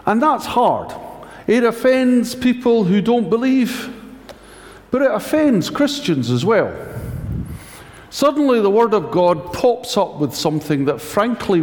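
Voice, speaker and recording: Man, preacher, high animated voice, wry storytelling, echoing church hall. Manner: wry, anecdotal, self-mocking humour. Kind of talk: conversational sermon. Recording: echoey hall reverb.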